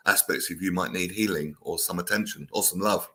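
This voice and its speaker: A man's voice: low-pitched, brisk, pushed and bright, breathy edge. A male talk show guest speaking earnestly and encouragingly to listeners.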